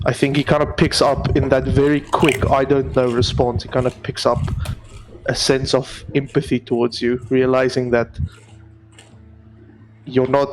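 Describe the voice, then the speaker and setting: A man role-plays his character in a measured, steady voice. His pitch barely moves, and faint room ambience sits behind him. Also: a little hiss or hum, low-quality recording. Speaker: player. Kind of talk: tabletop role-play.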